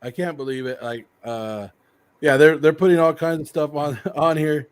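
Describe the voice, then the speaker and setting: Fairly high-voiced, hoarse middle-aged male host, pumped up and rambling. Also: normal speed. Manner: excited, rambling, laughs often. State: sick, hoarse. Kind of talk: casual livestream chat.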